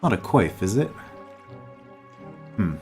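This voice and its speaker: A man's voice: on the low side, very animated, slow, darkish tone. A man playing through a game, reading its dialogue aloud and adding wry, chatty asides in casual commentary. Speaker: game let's-player. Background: game music.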